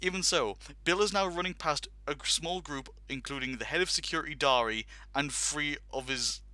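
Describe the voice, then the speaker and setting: A man whose voice is a little high and sharp speaks at a moderate pace, with no room sound in the recording. As a podcast host he casually tells a long, amusing anecdote, complete with laughter and acted-out quotes.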